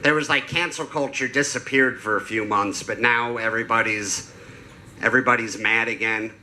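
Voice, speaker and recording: A man doing a stand-up comedy set on a club stage, telling crude deadpan stories into a handheld mic. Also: mid-range voice, moderate pace, a little hiss or hum. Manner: deadpan storytelling with crude jokes.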